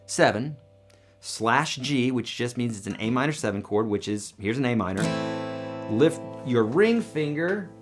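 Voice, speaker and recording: Man, casual guitar lesson, chatty explaining, loud strummed guitar underneath. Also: medium pitch, lively intonation, a little slow. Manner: casual, chatty explaining with sung demo lines. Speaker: guitar teacher. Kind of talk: live-streamed guitar lesson. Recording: loud guitar playing behind voice.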